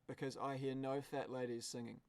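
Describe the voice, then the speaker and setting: A man commentating a car race live on a stream. He is excitable and swears, breaking into shouts at the screen. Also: mid-range voice, a little fast, smooth.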